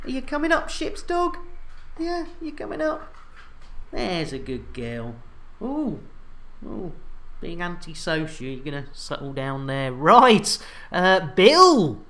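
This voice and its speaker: A man's voice: on the high side, huge pitch swings, slow pace, fairly bright tone. An English man streaming a space game live, chatting and joking with viewers as he reads their messages. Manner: jokey, chatty, banter with viewers.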